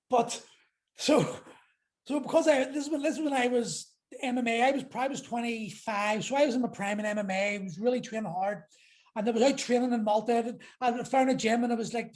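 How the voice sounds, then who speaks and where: An Irish man, a podcast guest, telling stories in casual chat, animated and swearing freely. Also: very high voice. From Ireland. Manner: animated, laughing, heavy swearing. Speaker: podcast guest, MMA fighter. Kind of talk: casual storytelling.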